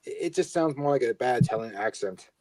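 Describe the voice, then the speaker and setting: A man's voice: medium pitch, expressive, quick pace, noisy background. A man co-hosting a podcast in casual chat, hesitant, with fillers and restarts. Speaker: podcast co-host.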